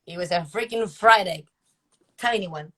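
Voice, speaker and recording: A woman's voice: fairly low pitch, moderate pace, pushed and bright. A woman being interviewed, answering candidly and laughing often. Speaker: guest, dancer and magician. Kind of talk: casual interview chat.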